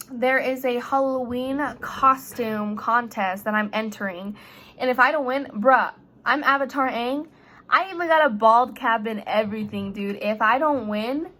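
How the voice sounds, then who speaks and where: Bright chatty teenage girl. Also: fairly high pitch. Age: teens. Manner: chatty, jokey, rambling. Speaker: high school student vlogger. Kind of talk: casual vlog chat.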